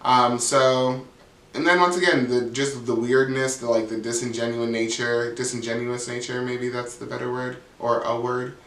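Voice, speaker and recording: A man gives a sassy, blunt, swear-heavy reality show recap at normal speed, his medium-pitched voice level in tone and a bit bright. He peppers everything with "like," and his voice echoes around the room as if the mic is set at a distance.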